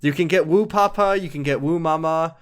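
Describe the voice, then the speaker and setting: A man hosting a podcast, casually recapping a video game in an animated, rambling way, swearing and laughing as he goes. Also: fairly high pitch, a little fast, clear, resonant tone. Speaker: podcast host.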